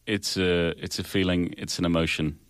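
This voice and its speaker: A man's voice: sits low, moderate pace, dry recording, studio quality. Playful male morning radio host. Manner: playful, deadpan joking. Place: radio studio. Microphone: studio microphone.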